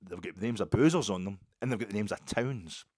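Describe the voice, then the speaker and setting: Scottish guy chatting football fast, deep voice, goes off on tangents. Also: breathy edge, no room sound, studio quality. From Scotland. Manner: rambling storytelling, animated asides, swears. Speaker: podcast host. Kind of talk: casual football chat.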